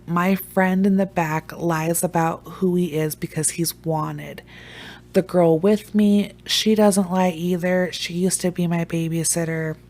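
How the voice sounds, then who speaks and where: Mellow-voiced woman telling a wild story. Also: lowish voice, gravelly. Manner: animated, profane, joking. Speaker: vlogger. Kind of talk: casual storytelling.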